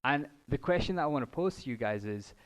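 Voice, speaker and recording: A man's voice: medium pitch, expressive, fast, poor audio. A young man preaching in a church, reading scripture and then explaining it in a casual, joking, conversational way. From United Kingdom. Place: church hall.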